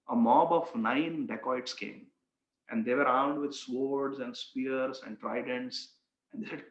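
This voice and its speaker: A man teaching scripture, chanting Sanskrit verses slowly and then explaining them with emphasis. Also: medium pitch, vocal fry. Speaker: spiritual teacher. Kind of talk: scripture lecture with Sanskrit recitation. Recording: echoey, slightly muffled room recording.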